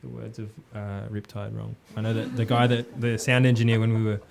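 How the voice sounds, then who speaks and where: A man's voice: lowish voice, fairly quick, vocal fry, a crowd in the background. A young Australian man, a musician guest, chatting loosely in a radio studio and laughing often. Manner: relaxed, rambling, laughs often. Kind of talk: casual interview chat.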